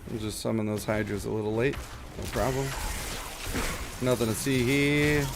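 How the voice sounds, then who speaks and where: A man of middle pitch talks through his game stream with loose, wry, self-mocking chatter. He reads chat and riffs as he plays. A faint hiss of noise sits underneath. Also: moderate pace. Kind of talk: casual stream commentary.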